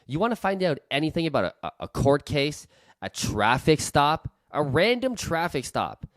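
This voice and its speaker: Man, vlog host, blunt ranting commentary, lively pitch, dry close sound. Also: normal speed, no echo. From Canada. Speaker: real estate investor and channel host.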